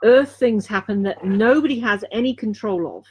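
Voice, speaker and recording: A woman from Dorset, England, gives a live intuitive card reading in a mid-range voice. She speaks earnestly, returning again and again to key phrases and pausing on fillers as she feels her way through the reading. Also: medium pitch, husky. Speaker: intuitive reader and healer.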